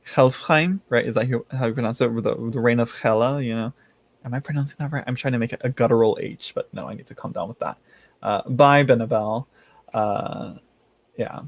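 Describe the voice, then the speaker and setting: A man's voice: medium pitch, steady tone, fairly quick, vocal fry, no echo. A man hosting a casual livestream, chatting with his viewers in a rambling way, laughing often and restarting his sentences. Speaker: tarot channel host reading live chat.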